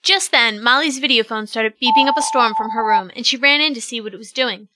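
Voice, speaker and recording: A woman narrating an audio drama in a smooth storytelling manner. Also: a little high, a little fast, heavy background noise.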